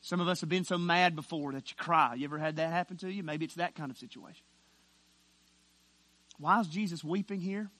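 A man preaching a sermon as pastor, emphatic, dropping to a hush and then rising loud with slow stressed words. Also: a little high, dry recording.

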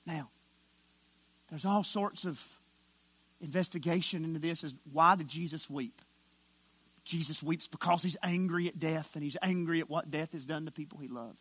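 A man preaching a sermon as pastor, emphatic, dropping to a hush and then rising loud with slow stressed words. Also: high-pitched, breathy edge, no room sound.

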